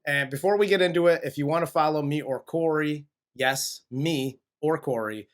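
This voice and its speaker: A man's voice: on the high side, normal speed. A man hosting a movie review podcast in a laid-back, joking casual chat. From United States. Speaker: podcast host.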